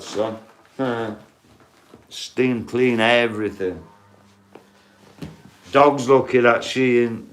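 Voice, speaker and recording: A man's voice: mid-range voice, slight background noise. A man, rambling and swearing as he chats casually with viewers on a livestream.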